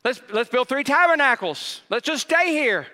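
A man preaching voices an impulsive, eager male disciple who pleads to stay put, in a high, bright voice. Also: sing-song, normal speed, in a large hall, full character voice.

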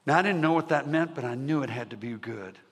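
A man preaching his testimony as an animated story to a live audience, swinging from shouting to hushed tones. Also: mid-range voice, fast, creaky. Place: large church hall with audience. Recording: reverberant hall sound.

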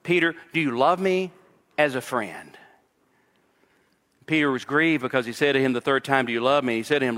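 Male pastor, fairly high bright voice, preaching in a reverberant church hall, storytelling sermon. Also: normal speed. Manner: expository preaching with personal stories, voice rising when emphatic.

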